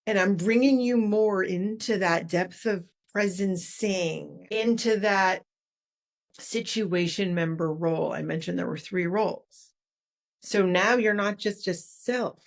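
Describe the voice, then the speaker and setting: A woman speaks as a guest on a podcast, laying out her ideas in an explanatory, animated way. She sometimes acts out little greetings to show how tone changes the meaning. Her voice sits at an ordinary middle pitch. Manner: animated, demonstrates tones of voice while explaining. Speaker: author and leadership consultant, guest. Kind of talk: podcast interview.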